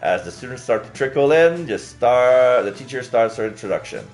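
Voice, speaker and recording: A man's voice: mid-range voice, expressive, moderate pace, darkish tone, faint music behind. A man streaming and reading a visual novel aloud, chatty with laughing asides.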